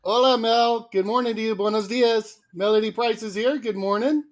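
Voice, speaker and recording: A man's voice: high voice, moderate pace. Upbeat man greeting livestream chat. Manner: lively, greets chat viewers by name, laughs a lot. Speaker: livestream co-host.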